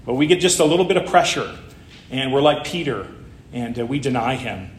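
A man's voice: medium pitch, expressive, fairly quick, reverberant. A man preaching a Palm Sunday sermon, conversational and full of rhetorical questions. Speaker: pastor.

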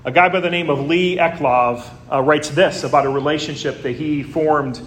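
A man's voice: fairly high pitch, fairly even intonation, normal speed, fairly bright tone, roomy sound, a little hiss or hum. A man preaching a sermon as a pastor, in a conversational way with frequent "uh" fillers.

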